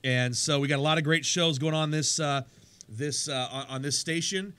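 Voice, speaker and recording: A man hosting a sports radio show in a studio, chatty and energetic, his voice worn from days of talking. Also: on the high side, normal speed, clear, resonant tone. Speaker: radio show host and pastor. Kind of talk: casual sports radio chat.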